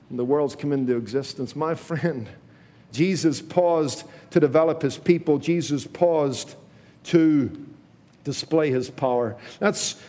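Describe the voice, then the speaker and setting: A man preaching a sermon, slow and emphatic, repeating key phrases to his congregation. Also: a little high, a little mellow, in a large hall.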